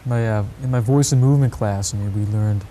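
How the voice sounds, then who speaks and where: A man's voice: lowish voice, a little fast, mellow, a little hiss or hum. A man hosting a local interview, giving brief, encouraging responses. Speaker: interviewer host. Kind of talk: casual interview. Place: local TV studio.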